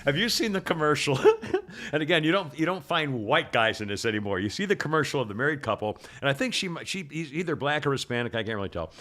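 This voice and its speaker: A man's voice: on the high side, animated, fast, sharp tone. An older man hosting a podcast, telling long rambling stories in casual chat and laughing often. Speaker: podcast host.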